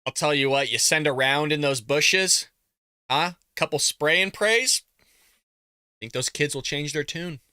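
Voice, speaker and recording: A man hosting a casual reaction video, jokey and animated, swinging between loud outbursts and low mutters. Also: unhurried, smooth, no room sound, clean studio sound.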